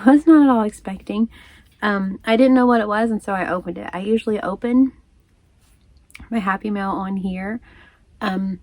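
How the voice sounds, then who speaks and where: A woman's voice: mid-range voice, a little mellow. A woman chatting casually to her viewers, rambling and laughing often as she tells her story. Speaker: crochet vlogger. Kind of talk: casual chat.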